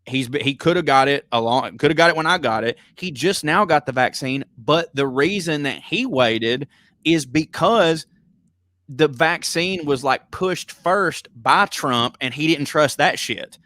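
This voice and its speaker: A man's voice: a little high, unhurried. Profane Southern man on a podcast. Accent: Southern American. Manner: profane, storytelling, animated tangents. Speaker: podcast co-host. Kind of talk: casual comedic chat.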